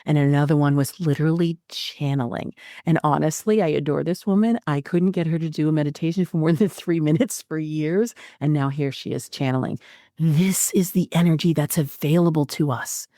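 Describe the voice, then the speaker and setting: Low-voiced woman astrology host. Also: normal speed, no room sound, clean studio sound. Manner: expressive, with frequent fillers. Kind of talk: spiritual guidance talk.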